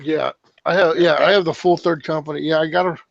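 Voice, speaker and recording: A man in casual podcast chat, excitable, stammering and swearing freely. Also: a little high, quick pace, gravelly, no echo. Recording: dull lo-fi sound.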